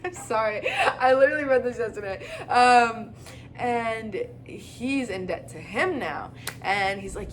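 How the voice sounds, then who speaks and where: A woman's voice: fairly high pitch, expressive, normal speed. A young woman co-hosting a podcast, chatting casually about faith, rambling with lots of fillers and giggles. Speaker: podcast co-host. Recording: faint background noise.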